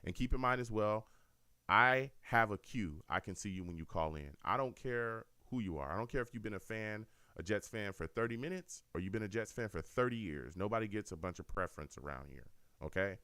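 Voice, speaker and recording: With a clean, echo-free tone, a man talks a little fast in a voice on the low side. He runs a fan call-in radio show, speaking straight to listeners in a casual, animated style full of repetition.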